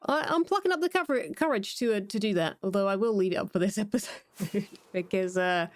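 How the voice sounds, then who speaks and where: A woman's voice: mid-range voice, brisk, dry recording. A British woman giving casual, playful gameplay commentary as a Minecraft YouTuber. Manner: chatty and playful.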